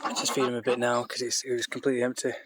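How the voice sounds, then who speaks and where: A man giving a casual walk-and-talk vlog outdoors in a farmyard, rambling and chatty with many restarts, and coaxing his animals in a higher voice. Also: monotone, very fast, very noisy. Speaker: vlogger keeping poultry on a farm. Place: outdoors in a farmyard by a duck shed.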